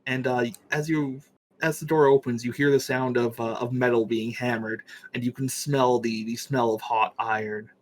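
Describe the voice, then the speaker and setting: A man's voice: medium pitch, fairly even intonation, moderate pace, slight background noise. A man narrating as game master of a tabletop game, talking casually with many fillers and the odd swear.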